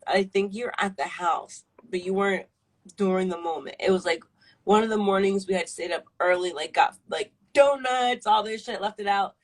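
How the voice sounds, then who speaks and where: A woman in her twenties, a guest on a live stream, tells a personal story casually and ramblingly, full of fillers and swearing. Her voice is mid-range at normal speed, and the recording is low quality.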